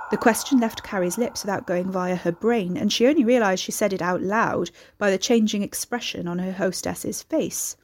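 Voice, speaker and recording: A woman reading a story aloud as narrator, in a steady, measured storytelling manner. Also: mid-range voice. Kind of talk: scripted narration.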